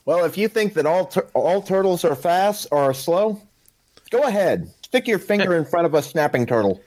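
A man co-hosting a casual podcast panel chat, telling a story in a lively way. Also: high voice, moderate pace. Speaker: podcast co-host.

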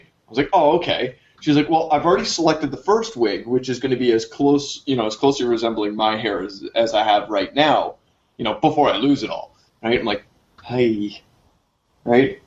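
A man casually telling a long funny story to friends, jumping up in pitch when he acts out his own reactions. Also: moderate pace. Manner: animated, jumps high for quoted reactions. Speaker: podcast co-host telling a story. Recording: dull lo-fi recording.

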